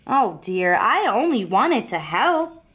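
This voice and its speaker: A woman voicing a friendly, gentle wolf builder in a storybook, polite and concerned. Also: medium pitch, big pitch swings, slow. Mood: kindly.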